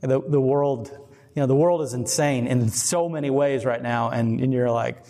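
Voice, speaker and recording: A man's voice: medium pitch, normal speed, a little mellow. Rambling man preaching in a reverberant space. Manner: rambling, laughing, earnest. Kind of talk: casual sermon. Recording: long reverb.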